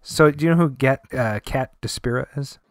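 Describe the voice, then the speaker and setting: A man hosting a podcast in relaxed, joking casual chat, laughing easily. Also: medium pitch, normal speed, dry recording, clean studio sound. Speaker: podcast host.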